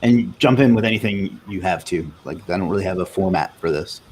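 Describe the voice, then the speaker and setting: A man's voice: low-pitched, a little fast, a little mellow, slight background noise. A man hosting a casual live Q&A, reading viewer comments aloud in a loose, chatty way. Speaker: livestream host.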